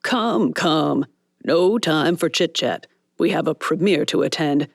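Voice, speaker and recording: A woman narrator voicing a pushy, blustering male studio boss who talks in a booming, showy way. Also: slow pace, creaky, dry recording, exaggerated voice. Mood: commanding.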